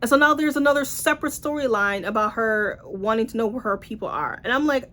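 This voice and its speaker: A woman's voice: on the high side, lively intonation, a little fast, few pauses, pushed and bright. A woman, a teen librarian, giving a casual spoken book review in an exasperated, sarcastic tone, often acting out her own incredulous reactions. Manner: exasperated, sarcastic, acts out incredulous inner voices.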